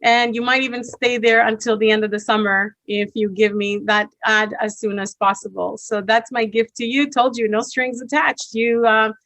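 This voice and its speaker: High-voiced energetic woman coach. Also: no echo. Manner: energetic, fast and persuasive with storytelling. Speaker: speaking coach presenting to an online audience. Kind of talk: motivational webinar talk.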